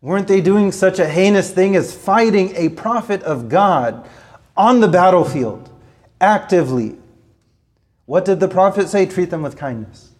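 Earnest male preacher, slightly high voice. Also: animated, measured pace, a little mellow. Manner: earnest, repetitive emphasis, recites Arabic verses. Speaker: Islamic preacher. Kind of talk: sermon.

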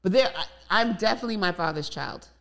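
A woman with a low, slightly gravelly voice talks openly about her life. She tells stories loosely, wandering through asides and back again. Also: quick pace, fairly bright tone. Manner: open, storytelling with many asides. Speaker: guest. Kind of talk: candid conversation.

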